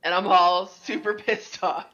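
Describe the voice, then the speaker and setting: A young woman co-hosting a casual podcast, telling a story with lots of swearing and animated delivery. Her voice is bright and forceful. The recording sounds dull and lo-fi. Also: lowish voice, measured pace. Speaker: podcast co-host. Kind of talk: casual chat.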